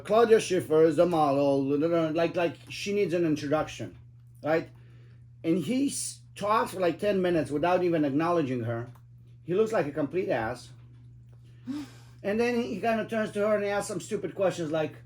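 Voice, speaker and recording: A middle-aged man spins cab-driver stories in a loose, rambling chat. His voice sits a little high, and he swears freely for emphasis, stacking fillers as he goes. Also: a little mellow. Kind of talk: casual storytelling chat.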